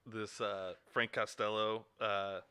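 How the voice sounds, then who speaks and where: A man co-hosting a casual movie review podcast, laughing often and loudly acting out film quotes. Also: fairly low pitch, flat delivery, slow, smooth. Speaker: podcast co-host.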